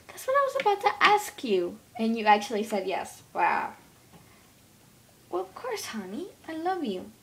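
A woman voicing a sweet, fussy mother pet in a home-made toy pet role-play, who talks gently and calls everyone honey. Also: fairly high pitch, big pitch swings, normal speed, vocal fry, noisy background. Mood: gentle.

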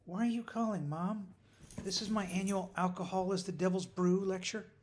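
A man voicing a hungover young woman coder with a dry, gently teasing manner, in audiobook narration. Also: high voice, steady tone, normal speed, voice pushed up, close to an everyday voice. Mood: sheepish.

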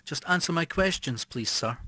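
A man's voice: on the high side, lively intonation, moderate pace, sharp tone, husky, dry recording, pitched above the performer's own voice, heavily acted. A man reading the part of a formal, polite police officer asking questions in an audiobook. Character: formal, stern adult male police officer.

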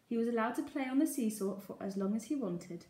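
A woman teacher from England reading a children's story aloud in a lively, expressive way. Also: fairly high pitch, brisk. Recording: echoey room.

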